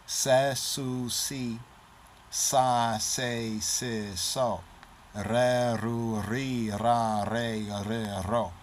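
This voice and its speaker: Unhurried male teacher with a low voice who reads out sounds one at a time; light noise behind. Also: fairly bright tone. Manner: deliberate, repeats letters and sounds aloud, says "right?" often. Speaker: teacher of the Ge'ez script. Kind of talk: slow explanatory lesson, reciting syllables.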